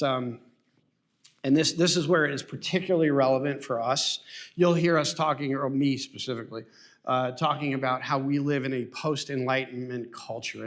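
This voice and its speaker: Guy preaching a sunday sermon, earnest, kinda high-ish voice, keeps asking rhetorical questions. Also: fairly bright tone. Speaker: pastor. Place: church sanctuary.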